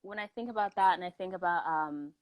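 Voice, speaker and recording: A woman's voice: fairly low pitch, a little fast, dry recording, dull audio. A young woman with a Canadian accent, originally from South Africa, chatting casually as a guest and telling stories with lots of "like". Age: young adult. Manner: chatty storytelling, heavy use of "like". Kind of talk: casual chat.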